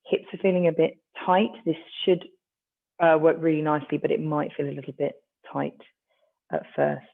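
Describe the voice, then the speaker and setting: A stretching instructor leads a class in a gentle, encouraging way, with a gravelly edge to the voice. The recording sounds thin and tinny, like a phone line. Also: mid-range voice, steady tone, moderate pace. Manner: gentle, encouraging, with light self-mocking asides.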